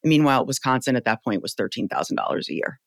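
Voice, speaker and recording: A woman in her forties with a very deep voice, telling stories as a guest in an animated, emphatic, casual way. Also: fast, dry recording. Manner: animated, emphatic, salty storytelling with "like" fillers. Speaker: podcast guest, company founder. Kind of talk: casual interview chat.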